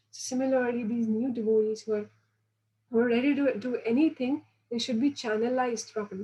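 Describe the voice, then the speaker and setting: A woman delivers an earnest devotional lecture in a fairly high but mellow voice. She teaches patiently, often restarting her phrases and slipping into the voices of the people she quotes. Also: poor audio. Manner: earnest, instructive. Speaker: spiritual teacher.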